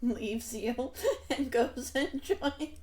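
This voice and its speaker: A woman's voice: on the high side, very slow, a little mellow, slight background noise. A woman narrating as game master over a voice call, chatty and laughing often.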